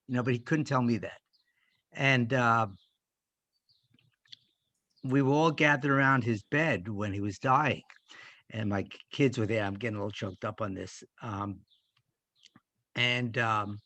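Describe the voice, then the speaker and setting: Older man sharing haltingly. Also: medium pitch, bright, forceful tone, no room sound. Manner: halting and heartfelt, with many pauses and fillers. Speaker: discussion participant. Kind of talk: personal reflection in a faith group discussion.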